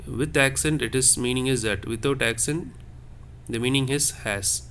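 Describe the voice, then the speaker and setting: A man's voice: medium pitch, moderate pace, a bit bright, slight background noise. A man teaching a lesson on French accents, explaining patiently and repeating each point step by step.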